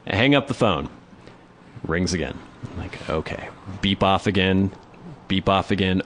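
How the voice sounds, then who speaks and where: A young adult man co-hosting a podcast, telling a story in a casual, animated way and laughing often. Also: lowish voice. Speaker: podcast co-host.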